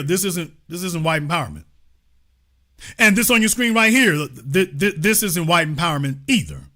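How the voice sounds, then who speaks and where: A man's voice: high voice, bright, forceful tone. A man hosting his own show, giving an emphatic, preachy commentary monologue laced with sarcasm. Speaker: host.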